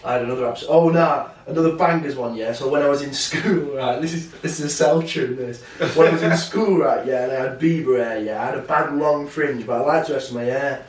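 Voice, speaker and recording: A man's voice: medium pitch, brisk, hardly any pauses. A young man, co-hosting a podcast and telling stories in a casual, swearing, slangy way. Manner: swearing, animated storytelling slang. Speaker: podcast co-host. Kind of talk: casual chat. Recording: roomy, mic at a distance.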